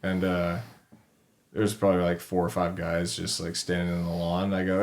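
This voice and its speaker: A man's voice: deep voice, level tone, brisk, a little mellow. A middle-aged man, a podcast guest and retired fighter, telling his story casually in a laid-back way with free swearing.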